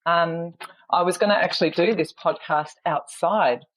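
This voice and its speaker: A woman with a Western Australian accent chats as a podcast guest over a remote call. She is bubbly and playful and laughs often. Her voice sits slightly low, and the sound is dry and close. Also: moderate pace, no room sound, low-quality recording. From Perth, Western Australia. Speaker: podcast guest, entrepreneur coach. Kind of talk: casual interview chat.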